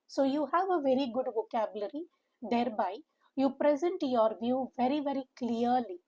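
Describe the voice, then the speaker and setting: A woman teaching vocabulary, spelling out sounds slowly and repeating words for emphasis. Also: high voice, a little mellow, highs cut off. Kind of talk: online vocabulary lesson.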